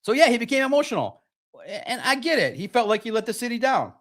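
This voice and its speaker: A man hosting a live-stream sports talk show, reading chat and talking in an animated, sarcastic, rambling way. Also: very high voice, fast talker.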